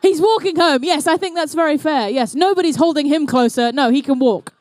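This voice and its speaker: A woman's voice: high-pitched, fairly quick, a little mellow, no echo. A woman with a New Zealand accent giving live commentary at an indoor robotics competition, playful and chatty, with jokey asides to the teams and crowd. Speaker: event commentator and emcee.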